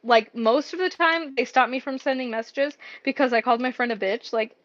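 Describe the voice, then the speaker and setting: Chatty high-voiced woman streaming crafts. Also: a little fast, a bit bright, dull audio. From Mexico. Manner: chatty, rambling, many fillers. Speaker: craft shop owner streaming. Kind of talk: casual live-stream chat while working.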